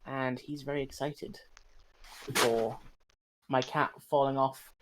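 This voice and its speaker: A man's voice: mid-range voice, steady tone, slow pace, background noise. A jokey man player introducing his character at the game table. He sounds enthusiastic and at ease. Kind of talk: casual chat at a game table.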